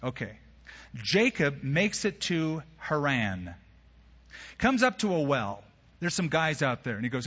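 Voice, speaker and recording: Bright-voiced preacher man in a hall. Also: a little high, sing-song, measured pace, husky. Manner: storytelling, acts out biblical dialogue in casual modern phrasing. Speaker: pastor. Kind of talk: sermon. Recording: dull sound, long hall reverb.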